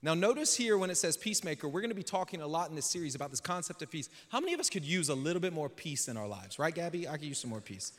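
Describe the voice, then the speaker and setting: Pastor, male, high voice, relaxed jokey sermon that ramps into fervent preaching; long church-hall reverb. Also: racing, hardly any pauses. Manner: joking, slangy, builds to emphatic preaching. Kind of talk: casual conversational sermon. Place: church sanctuary.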